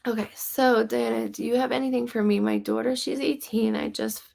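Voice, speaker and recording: A woman's voice: on the high side, steady tone, moderate pace, gravelly, a little mellow. A woman psychic medium giving casual live-stream readings, chatty and rambling with lots of "like" and "um", passing spirit messages on to viewers.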